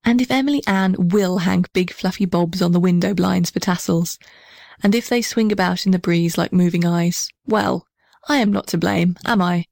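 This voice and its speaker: A woman reading a children's story aloud in a gentle, measured way. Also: lowish voice, creaky, no room sound, studio quality.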